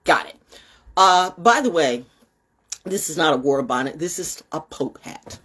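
A woman talking casually to her camera in a rambling monologue, swinging from high exclamations to low muttering and swearing freely. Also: lively intonation, measured pace, background noise. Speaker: vlogger.

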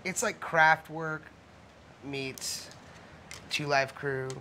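Bright-voiced slacker waiter, riffs aimlessly, some shouting, film outtake. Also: male voice, a little high, steady tone, drawn-out words, a little hiss or hum, exaggerated voice. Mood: rambling. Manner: rambling comic riffs, bursts of shouting.

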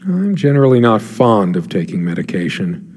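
An actor playing a brooding middle-aged husband, speaking a quiet, reflective inner monologue in a video game. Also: male voice, fairly low pitch, very animated, moderate pace, slightly rough, in a large hall.

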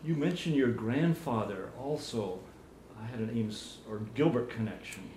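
A man working as an archivist, conducting an oral history interview in a formal, measured way in a library community room. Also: mid-range voice, animated, dark tone. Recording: roomy room, faint background noise.

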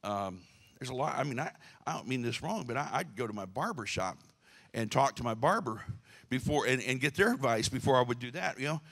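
A man's voice: medium pitch, lively intonation, a little fast, fairly bright tone. A male pastor giving a casual, joking sermon to his church, with many restarts. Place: church sanctuary.

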